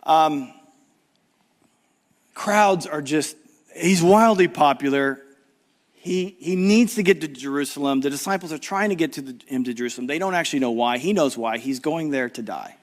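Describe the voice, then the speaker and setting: A middle-aged man preaching a conference sermon, swinging from loud urgent emphasis to low hushed appeals and acting out the voices of people in the story. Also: normal speed. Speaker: guest preacher.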